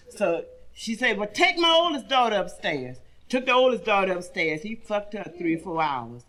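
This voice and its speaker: A woman's voice: mid-range voice, sing-song, normal speed, fairly bright tone. A woman stand-up comedian telling raunchy jokes, drawling through the stories and squealing when she acts out the characters, on a 1970s comedy record. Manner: bawdy, drawling storyteller with squealing acted voices.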